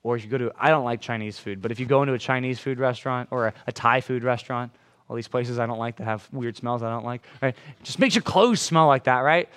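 A man's voice: medium pitch, fast, a bit bright, clear, resonant tone. A man preaching a sermon to a congregation in a room, talking conversationally, checking in with "right?" and acting out quoted lines in changed voices. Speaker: pastor.

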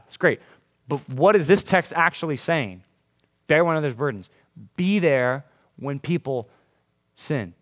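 A man with a medium-pitched, fairly bright voice preaches to a congregation in a room as pastor. He speaks conversationally, checking in with "right?" and voicing quoted lines in changed voices.

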